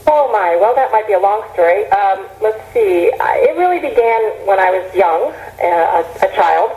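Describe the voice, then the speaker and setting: Middle-aged woman, earnest herbalist guest, rambling speech, mellow tone, roomy echo. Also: medium pitch, big pitch swings, moderate pace. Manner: earnest, rambling with frequent restarts. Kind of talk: reflective interview talk.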